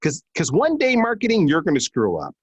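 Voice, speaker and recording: A man's voice: fairly high pitch, fairly quick, breathy edge, no echo. A man chatting as a guest on a webinar, telling a story and acting out what people said. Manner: animated storyteller acting out quotes. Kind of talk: casual webinar conversation.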